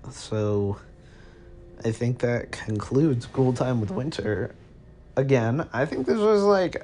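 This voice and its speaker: A man's voice: medium pitch, warm tone. A man hosting a podcast and telling a comedic story in second person, rambling, cursing and cutting himself off. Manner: rambling, profane, self-interrupting. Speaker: podcast host.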